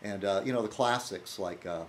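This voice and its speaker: A man's voice: fairly low pitch, normal speed, a little hiss or hum. A man talking casually in his weekly video blog, rambling and wry, with frequent fillers and restarts. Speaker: video blogger.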